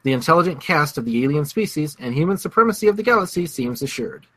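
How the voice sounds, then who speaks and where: Fast-talking husky man recapping a film. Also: a little high, animated, a bit bright, no room sound. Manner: wry, sarcastic summarizing. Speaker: podcast co-host. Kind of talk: casual film review chat.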